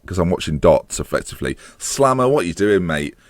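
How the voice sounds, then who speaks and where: A man commentates live on his football management game. His voice is lowish but very animated, leaping high-pitched whenever a goal looks close and dropping to groans and muttered curses. The sound is dry and close, with no room around it. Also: a little fast, no room sound. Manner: excitable, voice climbs high-pitched as chances near; swears and groans at the match. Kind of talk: live let's-play commentary.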